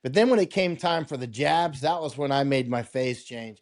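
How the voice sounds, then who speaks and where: A man's voice: medium pitch, normal speed. A male war correspondent talking casually as an interview guest over a video call, rambling with restarts, quoting himself and laughing often. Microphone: remote video call.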